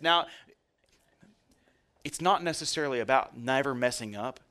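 A male pastor preaching at a middle pitch in a relaxed, conversational manner. He jokes and addresses the congregation directly as he speaks. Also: moderate pace. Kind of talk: sermon.

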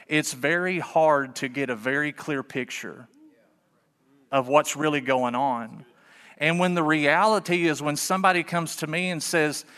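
A man preaching a sermon in a relaxed, folksy way, full of rhetorical questions, in a church sanctuary. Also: fairly high pitch, in a large hall. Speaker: pastor.

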